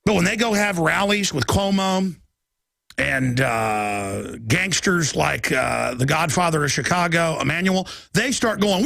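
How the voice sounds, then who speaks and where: A man's voice: on the high side, animated, measured pace, gravelly, pushed and bright, no echo, studio quality. A middle-aged man hosting a radio show, ranting in a fiery political monologue and mocking his opponents in put-on voices.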